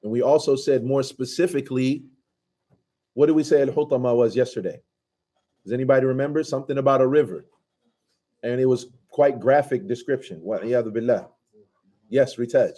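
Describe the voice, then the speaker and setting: Male teacher, mid-pitched and relaxed, leading an informal commentary class. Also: brisk, pauses often. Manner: casual, asks the class questions, drops into Arabic recitation. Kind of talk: conversational Quran commentary class.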